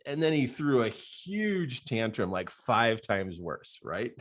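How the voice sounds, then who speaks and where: An older man, a life coach, telling stories in an animated podcast monologue and laughing often. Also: mid-range voice, normal speed.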